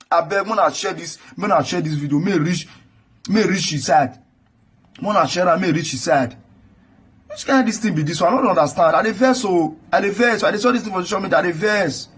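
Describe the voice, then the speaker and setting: A man's voice: high-pitched, fairly quick, breathy edge. A man with a Nigerian accent ranting indignantly and scolding, repeating himself as he reacts to a video. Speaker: commentator. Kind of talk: angry reaction rant.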